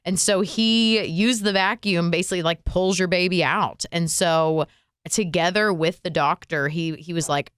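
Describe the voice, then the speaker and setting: A young woman with a low, smooth voice tells a personal story on a podcast. She talks in a casual, animated way, with plenty of fillers and emotion. The recording is dry and close. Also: normal speed, dry recording. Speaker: radio and podcast co-host.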